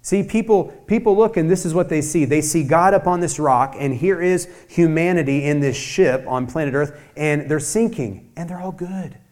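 A man's voice: moderate pace, hardly any pauses, a little mellow. A man preaching a sermon as a pastor, emphatic, with many rhetorical questions and acted-out quoted voices. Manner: acts out quoted voices, rising and dropping in pitch.

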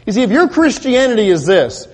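A man preaching to his congregation in a relaxed, conversational sermon, tossing out rhetorical questions and doubling back on his words. His voice sits high for a man. The sound carries the long reverb of a church sanctuary. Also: a little fast. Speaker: pastor.

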